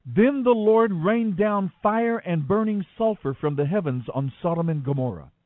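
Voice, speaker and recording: Expressive man reading scripture, tinny sound. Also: high-pitched, normal speed, no room sound. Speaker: Bible reader. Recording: tinny phone-like dry sound.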